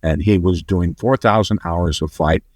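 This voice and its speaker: Low-voiced man telling a long story. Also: normal speed, no echo. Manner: rambling, animated when quoting others. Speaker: podcast guest. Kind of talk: conversational storytelling.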